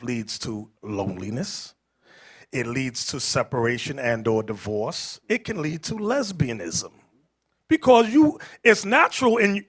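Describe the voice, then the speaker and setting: A man teaching a Bible class, preaching emphatically, calling out to the room and rising to shouts, with casual street-style asides. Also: on the high side. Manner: animated and emphatic, calls out to the room, rises to shouting.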